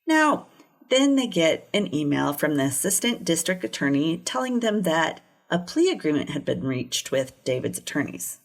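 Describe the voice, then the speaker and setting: A woman's voice: deep voice, sing-song, moderate pace. A woman co-hosting a true crime podcast, telling a case in casual chat with blunt, sarcastic asides. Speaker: podcast co-host.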